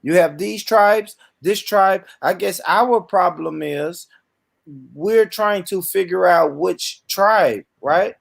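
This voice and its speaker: A man's voice: high voice, slow pace, creaky. A man from Tennessee hosting a casual panel chat, easygoing, laughing often and steering the talk. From Tennessee, United States. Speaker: podcast host.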